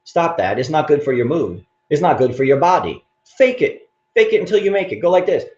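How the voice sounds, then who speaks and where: A man teaching qigong in an animated, playful way, often laughing as he demonstrates. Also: on the high side, a little fast. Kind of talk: motivational teaching talk. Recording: roomy, dull-sounding recording.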